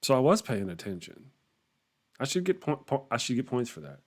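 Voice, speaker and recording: A man's voice: mid-range voice, sing-song, brisk. Rambling man chatting on a livestream. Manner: rambling, chuckling, trailing off and restarting. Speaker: livestream host. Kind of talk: casual chat reacting to viewer comments.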